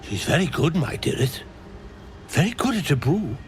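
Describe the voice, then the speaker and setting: An actor voicing a dazed, mushroom-addled man in a video game, speaking in halting, broken phrases. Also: on the high side, big pitch swings, a little hiss or hum. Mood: rambling. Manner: halting, fragmented speech.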